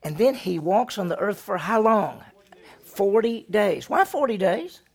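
A senior pastor with a gravelly, slightly high voice teaches a Bible lesson, telling the story with animation and repeatedly asking his listeners questions. His delivery is lively, conversational, and unhurried.

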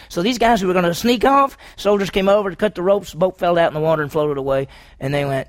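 A man's voice: on the high side, fast talker, creaky. A man preaching a sermon on a Bible passage, asking his listeners questions and acting out what people said. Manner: asks the audience questions, acts out quotes.

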